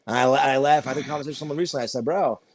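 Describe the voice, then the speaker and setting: A man's voice: mid-range voice, very fast, crowd noise. A man co-hosting a podcast, joking and swearing in casual chat, often sounding incredulous. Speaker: podcast co-host.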